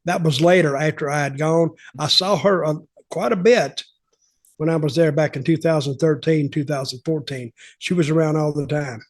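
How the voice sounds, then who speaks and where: A man's voice: fairly high pitch, moderate pace. Plainspoken older man telling wrestling stories. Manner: drawling, plainspoken, wry asides. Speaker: podcast host, former wrestling insider. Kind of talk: casual storytelling interview.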